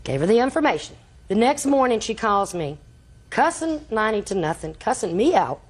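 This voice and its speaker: A woman's voice: a little high, very animated, breathy edge. An older woman, a grandmother, testifying as a litigant on a TV courtroom show and telling her story in a long, rambling way. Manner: rambling storyteller, rushing through events. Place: TV courtroom set.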